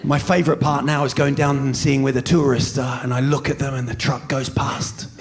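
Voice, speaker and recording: A New Zealand man in his fifties doing a stand-up comedy set, telling stories in an animated way and shouting when he does impressions. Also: mid-range voice, fairly quick. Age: 50s. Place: large venue with a live audience. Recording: live stage recording with crowd and noise.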